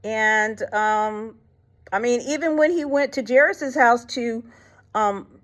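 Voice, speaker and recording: Speaking slowly in a slightly high, somewhat bright voice, a woman leads a casual faith talk as host. Her delivery is blunt and colloquial, with stories retold through acted quotes and frequent fillers and false starts.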